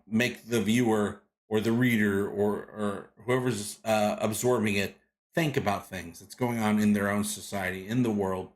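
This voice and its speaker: A man's voice: on the low side, fairly bright tone. A man hosting a live stream, chatting casually and reading out viewer comments, rambling with many restarts and greeting viewers by name. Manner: rambling with frequent restarts and fillers. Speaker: live show host.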